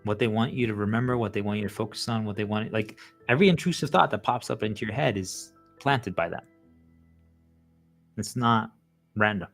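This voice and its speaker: Male host, low-pitched, loose rambling monologue full of "like," animated, faint music underneath. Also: brisk, gravelly. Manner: rambling, heavy use of "like" fillers; animated, acts out quoted voices. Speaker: channel host. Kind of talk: casual monologue to viewers.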